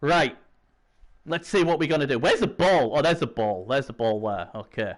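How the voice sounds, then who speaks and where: A man doing chatty live video game commentary, swinging from low muttering to excited shouts. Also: normal speed. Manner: chatty, opinionated, talks to himself.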